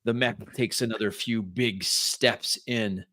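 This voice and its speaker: Slow, forceful game master. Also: male voice, fairly low pitch, steady tone, no echo. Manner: measured, deliberate narration. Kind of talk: narrating a tabletop game.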